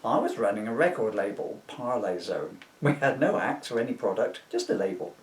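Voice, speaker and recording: A plummy, self-important record producer put on by a man spins a rambling anecdote, his voice bouncing lively between high and low. The delivery is smug and rambling. It sits in an echoey room, picked up from a distance. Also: brisk, close to an everyday voice. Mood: pompous. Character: posh male record producer, pompous and rambling. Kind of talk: comic reading of a parody book. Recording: roomy sound from away from the mic.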